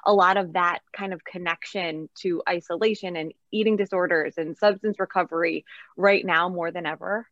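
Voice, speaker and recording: A woman co-hosting a podcast, chatty and quick to laugh. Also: lowish voice, fairly even intonation, fairly bright tone, no room sound. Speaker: podcast co-host. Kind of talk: casual interview chat. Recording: dry, dull lo-fi sound.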